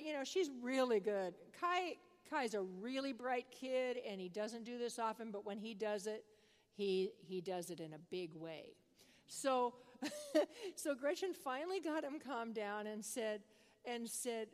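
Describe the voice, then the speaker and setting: An older woman preaching a sermon, telling a family story in a conversational, animated way. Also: a little high, slow pace. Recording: long reverb of a large hall.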